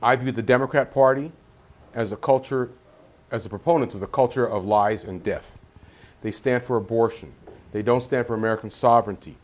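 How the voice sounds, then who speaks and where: A man's voice: medium pitch, a little fast. A man speaking as a guest on a political panel, earnest and repeating words as he searches for them.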